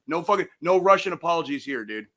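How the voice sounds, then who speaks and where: A man co-hosting a veterans' podcast, ranting and swearing loudly through casual chat. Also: on the high side, expressive, quick pace. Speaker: podcast co-host.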